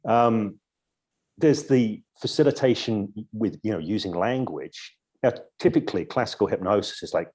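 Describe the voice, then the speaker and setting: A man, a hypnosis coach, talking in a relaxed, reflective way in a podcast interview and explaining his methods with examples. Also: on the low side, moderate pace, breathy edge. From Edinburgh, Scotland. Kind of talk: casual interview conversation.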